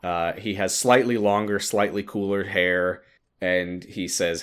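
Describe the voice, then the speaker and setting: A young man co-hosting a casual chat, retelling a game's story with lively jumps into voices and frequent laughs. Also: low-pitched, unhurried, clean tone. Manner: animated, jumps into voices for quoted lines, laughs often. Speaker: podcast co-host recapping a game story.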